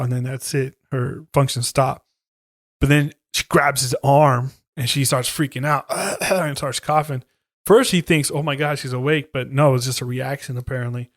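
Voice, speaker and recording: Male podcast co-host, mid-pitched, retells horror plots with lots of cursing and acted-out lines, dry mic. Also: dry recording. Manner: animated storytelling, heavy swearing, acts out lines. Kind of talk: casual chat, retelling a horror movie.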